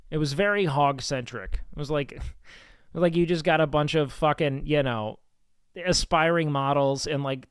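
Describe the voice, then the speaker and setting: Young guy streaming, rambles + swears a lot, kinda high smooth voice, dry close mic. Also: no echo. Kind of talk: casual stream chat.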